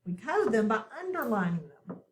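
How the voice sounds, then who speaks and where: A woman's voice: on the high side, big pitch swings, moderate pace, echoey room, a little hiss or hum. A woman teaching a phonics lesson step by step, checking in often with "okay?" as she walks through a worksheet. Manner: patient, step-by-step instruction with frequent "okay?" check-ins.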